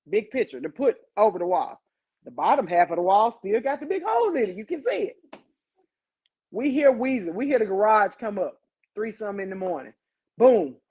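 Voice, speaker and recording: A woman hosting a podcast, telling a story in a casual, animated way, swearing freely and talking straight to her listeners. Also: fairly high pitch, highs cut off. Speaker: podcast host.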